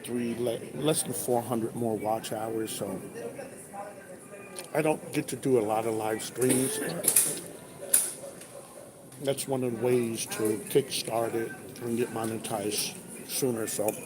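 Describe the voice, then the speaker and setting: A man's voice: medium pitch, fairly even intonation, slow, pauses often, crowd noise. A man, a truck driver, chatting casually on a livestream, reading viewers' comments aloud over breakfast. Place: truck stop restaurant. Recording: noisy restaurant ambience.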